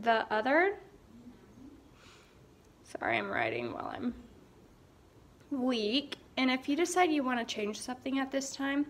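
A young woman teacher giving a recorded writing lesson, saying each word slowly aloud as she writes it down. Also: a little high, a bit bright, a little hiss or hum. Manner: slow, dictating words aloud as she writes. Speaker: elementary school teacher.

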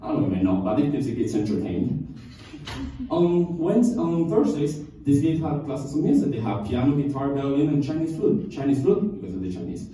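A young man from Cuba doing a stand-up comedy routine, telling stories with deadpan punchlines and chuckling at his own jokes. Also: medium pitch, brisk, a little hiss or hum. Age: young adult. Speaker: student comedian. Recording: echoey room from far off, faint ambience.

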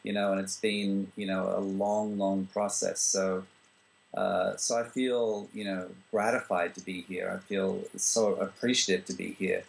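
A screenwriter and director from Australia, answering interview questions in a relaxed way, with frequent fillers and restarts. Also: male voice, low-pitched, unhurried, creaky, rough recording. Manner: relaxed, full of "you know" fillers and restarts.

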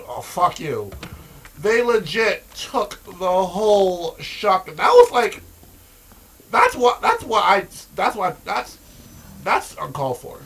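A man recording let's-play commentary, profane and excitable, with shouting outbursts and repetitive rants. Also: high voice. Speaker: gaming video host.

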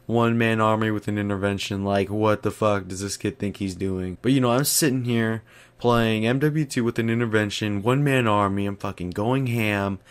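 A man's voice: on the low side, normal speed, clear, resonant tone. A young man delivering a profanity-filled, exaggerated comedic rant as a YouTuber.

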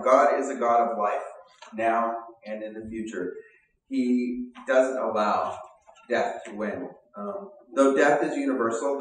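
A man giving an earnest, conversational sermon with pauses and fillers, as a pastor. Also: mid-range voice. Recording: echoey room, mic at a distance.

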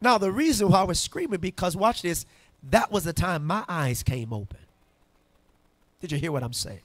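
A male pastor preaching in church, emphatic and call-and-response, rising to shouts. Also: high voice, expressive, normal speed, no echo. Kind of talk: sermon. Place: church sanctuary.

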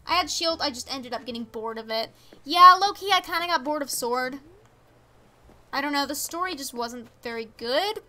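Teen girl streamer, high bright voice, chatty, reads chat and reacts to game characters. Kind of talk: casual live-stream chat while gaming.

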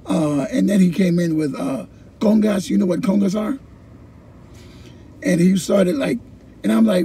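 A middle-aged man, a former ESL teacher, telling his personal story in an animated way, repeating phrases and acting out his own past thoughts. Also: sits high, measured pace, gravelly, husky.

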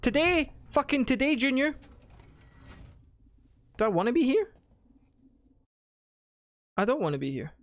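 Excitable swearing man playing a game. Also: very high voice, unhurried, long pauses. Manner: excitable, swearing, bursts of loud shouting. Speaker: gaming host. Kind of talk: casual let's-play commentary.

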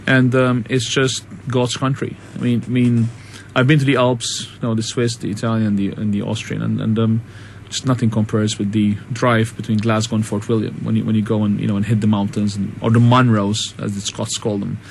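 A man's voice: lowish voice, little pitch movement, fairly quick, vocal fry, few pauses, a little hiss or hum. A man from Malta, a guest on a radio show, talking casually and hesitantly with many ums and enthusiastic asides. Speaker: guest singer.

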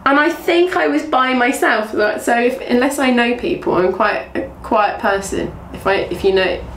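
Speaking at normal speed in a slightly high voice, this young Englishwoman, once an athlete, recounts her career during a casual interview, full of restarts and quoted speech. The recording is echoey and distant, with faint noise in the room.

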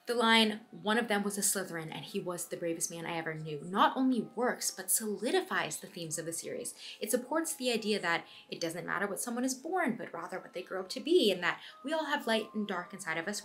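Animated young woman, bright voice. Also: mid-range voice. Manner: animated, playful, quick asides. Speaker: video essay host. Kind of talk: scripted video essay.

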